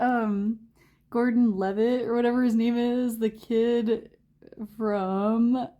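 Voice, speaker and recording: A woman's voice: fairly low pitch, darkish tone. Giggly, rambling woman tarot reader. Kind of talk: casual chat during a tarot reading.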